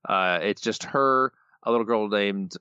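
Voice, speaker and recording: A man's voice: fairly low pitch, a little slow, pushed and bright, smooth, no room sound, lo-fi sound. A man co-hosting a podcast, recapping a cartoon episode in a wry, rambling casual chat. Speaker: podcast co-host.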